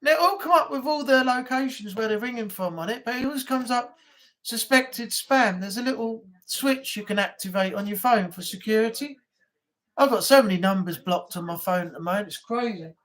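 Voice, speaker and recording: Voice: medium pitch, moderate pace, fairly bright tone. A livestream host, chatting casually and rambling through anecdotes, often laughing at their own stories. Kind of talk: casual live chat.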